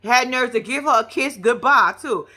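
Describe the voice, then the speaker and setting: A woman giving brash, profane, animated commentary on a reality show. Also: a little high, normal speed. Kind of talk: casual reaction commentary.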